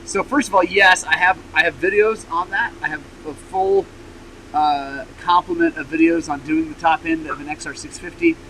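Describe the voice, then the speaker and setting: A man hosting a motorcycle channel in casual rambling vlog chat, frank and frustrated, with lots of fillers and throat clearing, recovering from an injury. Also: on the high side, fairly even intonation, normal speed, pushed and bright, slight background noise, poor audio. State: recovering from injury, wearing a brace.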